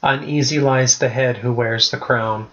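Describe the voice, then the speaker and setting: A man's voice: mid-range voice, fairly even intonation, unhurried, fairly bright tone, lightly acted. A man reading the part of a haughty, proud queen, close to his own voice, on a slightly dull lo-fi recording. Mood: fading.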